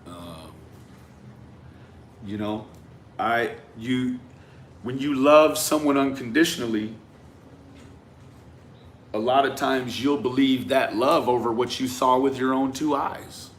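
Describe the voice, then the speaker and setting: A man talking through a case in a reflective, conversational monologue, often tagging his points with a questioning "right?" and trailing off into quiet asides. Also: medium pitch, slow pace, long pauses, slight background noise. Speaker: commentator on a true-crime case. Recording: roomy echo with faint ambience.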